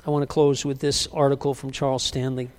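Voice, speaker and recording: A middle-aged male pastor with a mid-range voice preaches fast, telling stories and animatedly acting out the lines of the people in them. His sermon carries a long hall reverb.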